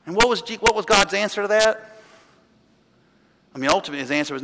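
A pastor preaching a sermon in a church, talking in a chatty storytelling way, with restarts and laughs. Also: male voice, high-pitched, expressive, quick pace, long pauses. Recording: long hall reverb, loud background noise.

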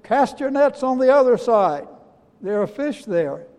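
A man in a sermon giving the words of Jesus, a calm and forgiving grown man, speaking slowly and tenderly. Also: high voice. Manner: slow, tender, quiet quoted speech. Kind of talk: quoted speech within a sermon. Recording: long reverb of a large hall.

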